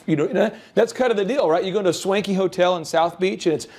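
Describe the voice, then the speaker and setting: A man with a high-pitched voice hosts a business show, coaching listeners in a lively, animated way. He grew up in the American Midwest. He often slips into quick acted-out sales pitches. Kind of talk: energetic business advice talk.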